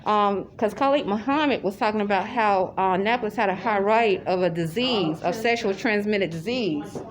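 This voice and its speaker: A woman's voice: medium pitch, normal speed. Rambling woman over crowd chatter. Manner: rambling and repetitive, many restarts. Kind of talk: casual spoken monologue. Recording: loud crowd chatter behind.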